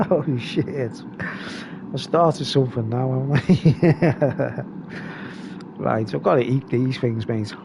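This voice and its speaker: A man's voice: mid-range voice, takes it slowly, gravelly, long pauses, background noise. A man hosting a live stream, rambling casually and reading comments aloud.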